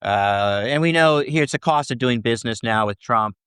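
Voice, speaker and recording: This man speaks at a normal pace in a mid-range voice that's a bit bright, clear and resonant, captured dry with studio quality. He's a First Amendment scholar fielding interview questions, explaining at length and tossing in "right?" between ideas.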